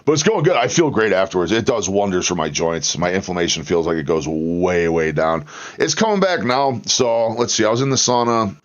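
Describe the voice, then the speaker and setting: A man with a fairly low voice chats casually on his livestream, talking back to viewers in a loose, friendly way. The audio is dull and lo-fi, like a basic stream mic. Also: animated, brisk. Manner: chatty, reacting to viewers and the narration. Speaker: livestream host. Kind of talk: casual chat.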